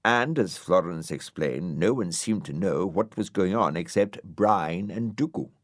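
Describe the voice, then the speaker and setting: A man narrating a children's storybook audiobook in a measured, dryly understated way. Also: deep voice, animated, no room sound, studio quality.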